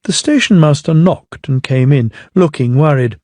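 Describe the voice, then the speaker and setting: An older man narrating a children's storybook in a measured, unhurried way. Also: a little high, dark tone, no echo.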